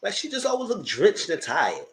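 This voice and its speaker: Sassy animated man reviewing reality TV. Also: high-pitched, normal speed. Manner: animated, sassy, slangy, acts out the cast's lines. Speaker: TV reality show commentator. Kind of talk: live TV review chat.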